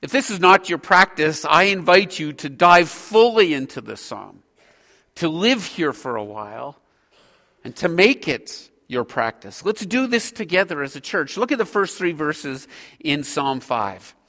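A man preaching a sermon as a pastor, earnest and measured, pausing between phrases. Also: on the high side, animated, pushed and bright. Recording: hall reverb.

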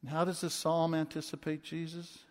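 A man in his twenties preaching a sermon as a pastor, impassioned and swinging from loud to hushed. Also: on the high side, monotone, moderate pace. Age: 20s. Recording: long reverb of a large hall.

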